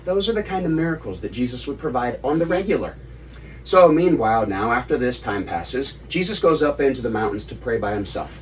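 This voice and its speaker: A man in his thirties retelling a story to his children at home, animated and stopping to quiz them. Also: mid-range voice, fairly quick, a little hiss or hum. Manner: animated, asks kids questions. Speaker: father leading family Bible study. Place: family home. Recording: distant mic, faint room ambience.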